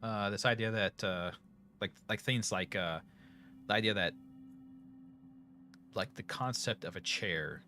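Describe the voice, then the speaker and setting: A man's voice: fairly low pitch, unhurried, pauses often, pushed and bright. A middle-aged man with a Northern US accent chatting casually to viewers, rambling with many fillers and restarts. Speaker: streamer. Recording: faint music behind.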